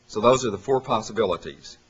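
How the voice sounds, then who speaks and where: A man giving an academic lecture from a handout, pausing often with fillers and correcting himself. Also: on the low side, husky. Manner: halting, many "uh" fillers and self-corrections. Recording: dull lo-fi lecture recording.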